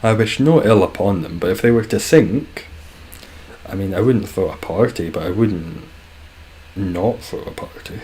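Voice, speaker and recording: A man's voice: low-pitched, lively intonation, normal speed, a little mellow, slight background noise. A young Scottish man streaming, chatting casually with viewers in a dry, joking way, swearing freely. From Scotland.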